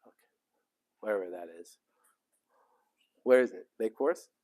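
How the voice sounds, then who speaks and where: A middle-aged man leads a youth program with a relaxed, joking manner. His voice sits somewhat low and he keeps things light with the teenagers he greets. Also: normal speed, narrow, tinny audio. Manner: easygoing and joking. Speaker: sheikh leading a youth program. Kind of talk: casual chat with teens. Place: mosque youth room.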